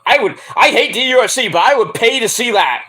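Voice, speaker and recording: A man hosts his own stream, running through wrestling news in a loose, rambling way, with plenty of jokes and swearing. His voice sits high and bright, and it is worn hoarse from a night of screaming. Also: lively intonation, a little fast. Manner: rambling, joking, profane. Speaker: stream host.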